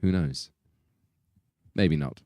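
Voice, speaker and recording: A man's voice: a bass voice, takes it slowly, warm tone, no room sound, clean studio sound. A man hosting a stream, reading donations aloud in giggly casual chat. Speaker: band member hosting a stream.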